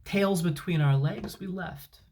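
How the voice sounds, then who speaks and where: A man's voice: sits high, measured pace, darkish tone, a little hiss or hum. A man, a travel vlogger, telling an angry, sarcastic, emphatic story at home. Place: at home, indoors. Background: dryer and washing machine running.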